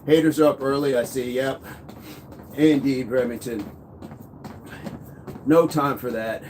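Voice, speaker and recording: A man in his thirties hosts a live fitness stream, walking on a walking pad while reading viewer comments aloud in an upbeat, chatty way. His voice is medium-pitched and a little mellow, and he takes it slowly. Faint background noise sits under the recording.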